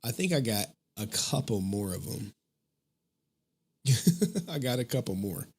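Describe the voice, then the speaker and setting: A man's voice: medium pitch, lively intonation, darkish tone, husky. A man hosting a live stream, reacting casually and laughing at clips. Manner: laid-back, laughing, slow-paced reactions. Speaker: stream host.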